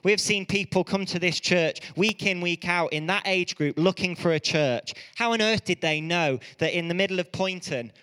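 A man preaching a sermon, telling stories in a lively way and often correcting himself mid-sentence. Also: sits high, clear, resonant tone, long reverb tail. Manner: lively storytelling with quick self-corrections.

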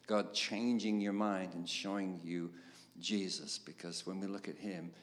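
An older man, a songwriter telling his story in an interview, animated and laughing, with many fillers. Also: sits low, measured pace. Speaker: guest songwriter. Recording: roomy reverb, faint background noise.

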